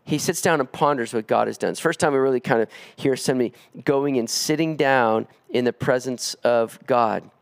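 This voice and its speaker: A man preaching an expository sermon, earnest, climbing higher when he presses a point. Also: a little fast, vocal fry, hardly any pauses. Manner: earnest preaching, rising in pitch on emphatic pleas. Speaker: pastor.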